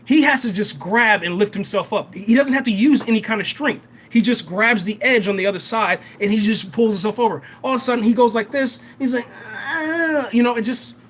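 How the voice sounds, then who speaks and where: An excitable young man reviews a TV episode live as the host of a reaction channel. His voice is fairly high and bright, and it is often stressed, and his words stumble and repeat, with "man" at the end of nearly every sentence. A faint hiss of background noise sits under the recording. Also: a little fast, few pauses.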